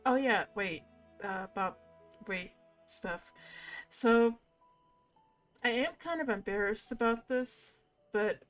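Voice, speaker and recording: A woman's voice: on the high side, slow, pauses often, soft background music. A woman streamer chatting casually on a live stream, rambling with many restarts. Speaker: streamer host.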